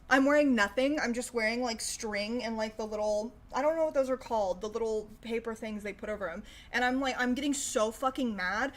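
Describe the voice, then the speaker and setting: A young woman hosting a casual livestream reacts to news with sarcastic chatter, lots of profanity and plenty of laughter. Her voice is on the high side, a little fast, with hardly any pauses.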